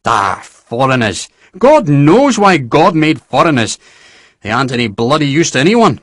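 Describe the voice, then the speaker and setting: A man voicing a gruff, crude old general who curses freely. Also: mid-range voice, big pitch swings, normal speed, fairly bright tone, no echo, studio quality. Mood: blustering. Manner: blustering, profane.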